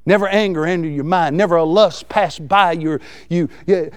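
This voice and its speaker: A man preaching a folksy, excitable sermon. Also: a little high, moderate pace, few pauses. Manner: excitable, folksy, laughs between lines.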